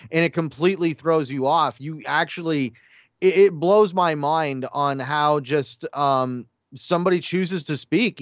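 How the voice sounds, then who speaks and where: A man chatting excitedly on a gaming podcast, rambling with lots of fillers. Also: a little high, clean tone, no echo, dull audio. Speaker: podcast panelist. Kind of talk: casual chat.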